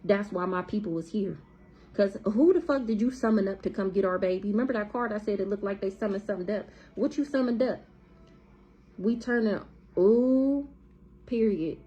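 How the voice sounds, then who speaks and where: A woman's voice: medium pitch, quick pace, dark tone, low-quality recording. A woman with giving a blunt, profane, heated tarot reading to camera in a casual monologue. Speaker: tarot reader.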